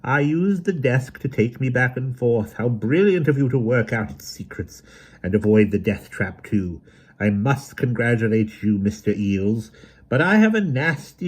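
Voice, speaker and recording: A man voicing a vengeful evil sorcerer overlord with a harsh, grating, slow and gloating voice. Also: lowish voice, a little mellow, husky, pitched above the performer's own voice.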